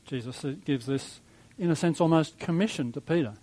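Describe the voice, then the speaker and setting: A man preaching a sermon in a conversational, reflective way, with soft chuckles. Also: a little high, normal speed, rough recording. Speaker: pastor.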